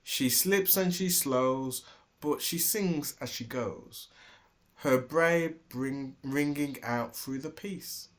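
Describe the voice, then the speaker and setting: A man reading a rhyming children's storybook aloud with an expressive, sing-song delivery. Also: medium pitch, slow pace. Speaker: storybook reader.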